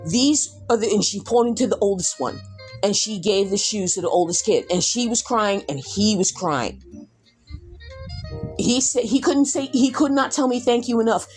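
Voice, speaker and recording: A middle-aged woman hosting a podcast, telling a story loudly and animatedly, talking straight to her listeners and swearing casually. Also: medium pitch, normal speed, soft background music. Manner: animated, loud, addresses listeners directly, swears. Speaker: podcast host.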